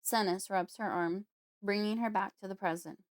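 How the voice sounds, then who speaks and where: A woman, the author and host, reading her own novel aloud in a casual audiobook style with a steady, expressive delivery. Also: mid-range voice, normal speed, dry recording, studio quality.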